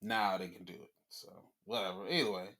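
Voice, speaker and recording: A man hosting a casual sports podcast, rambling and swearing, often jumping into excited, high-pitched rants. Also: fairly quick. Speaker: podcast host. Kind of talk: casual wrestling chat.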